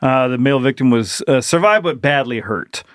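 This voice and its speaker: A man's voice: medium pitch, lively intonation, moderate pace, a bit bright, no room sound, studio quality. A man co-hosting a comedy podcast, reading a news story aloud in pieces and breaking off to joke and laugh. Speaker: podcast co-host. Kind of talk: casual comedic chat, reading news stories.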